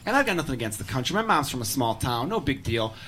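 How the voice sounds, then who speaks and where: A man's voice: mid-range voice, big pitch swings, quick pace, fairly bright tone, a little hiss or hum. A man doing a stand-up set on a club stage, with brash, profane, mock-outraged rants. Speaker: stand-up comedian.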